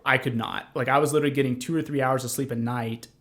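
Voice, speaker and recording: A young man recounts his own story as a podcast guest in a flat, level voice that barely rises or falls. He talks in an earnest, rambling way, full of fillers and restarts. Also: mid-range voice, fast talker. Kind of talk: conversational storytelling.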